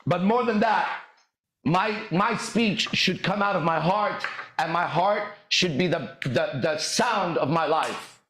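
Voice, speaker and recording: Speaking slowly in a high-pitched voice, a podcast host and dating coach gives a swaggering, profane motivational monologue and bursts into shouted lyrics. The room is echoey.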